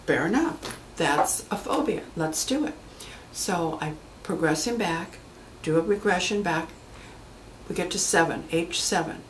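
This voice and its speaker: A woman hypnotherapist telling stories about her clients in a lively way, acting out the voices of the people in them. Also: lowish voice, measured pace, reverberant, a little hiss or hum, rough recording. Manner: animated storyteller acting out quoted voices. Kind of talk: anecdotal storytelling talk.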